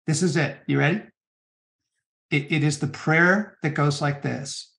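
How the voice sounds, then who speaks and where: Middle-aged man, gravelly slightly high voice, earnest interview guest, halting restarts. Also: fairly even intonation, a bit bright. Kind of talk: conversational interview on spiritual practice.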